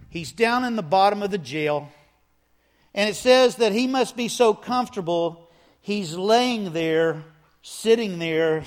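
A man preaching a sermon, telling a story with animated delivery and acting out the scenes. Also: sits high. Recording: echoey hall reverb.

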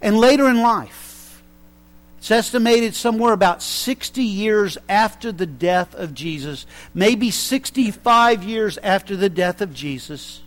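A man preaching a sermon, swinging from hushed, slow lines to loud, excited ones and acting out quotes. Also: high voice.

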